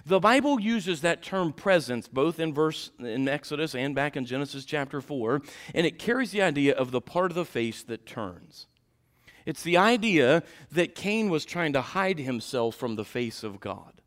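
A man preaching a sermon in a warm church, dropping to quiet asides and rising to loud climaxes. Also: animated, normal speed. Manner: swings from low asides to shouted climaxes.

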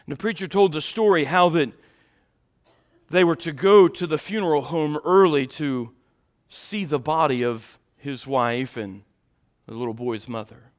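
A man preaching an Easter sermon, moving between hushed storytelling and fervent, raised passages. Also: on the high side, a little slow. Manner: dynamic preaching, swinging from hushed to shouting.

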